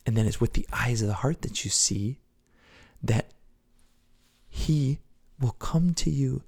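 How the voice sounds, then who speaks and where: A man preaching a devotional podcast sermon, earnest, swinging between loud exhortation and hushed whispers. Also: medium pitch, lively intonation, measured pace, gravelly, husky.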